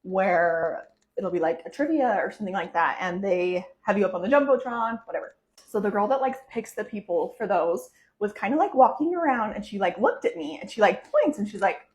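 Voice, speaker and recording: A woman in her twenties casually telling a personal story to camera, chatty and full of "like" fillers, getting animated as she goes. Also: medium pitch, brisk, low-quality recording. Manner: chatty, heavy use of "like" fillers, animated swings when excited.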